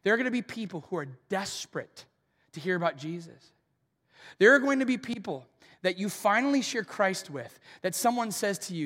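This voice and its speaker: Male pastor, high bright voice, animated sermon storyteller, big reverberant church hall. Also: fairly quick. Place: church auditorium. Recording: long reverb of a large hall.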